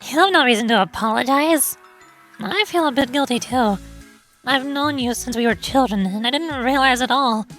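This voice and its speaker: Earnest, eager schoolgirl, high voice, woman reading. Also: normal speed, a bit bright, faint music behind, poor audio. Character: earnest childhood-friend girl, apologetic.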